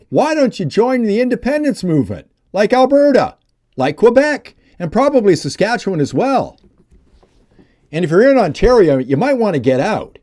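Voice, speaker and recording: A man's voice: fairly high pitch, warm tone. Fired-up guy doing a politics rant on his channel, voice jumping way up and down. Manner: heated, emphatic ranting. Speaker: political commentator. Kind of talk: opinion vlog commentary.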